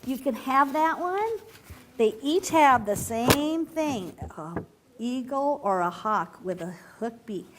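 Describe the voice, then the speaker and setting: A woman reading a picture book aloud to a group of children, playful and animated, stopping often to ask them questions. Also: high-pitched, slow, background noise. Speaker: children's storyteller.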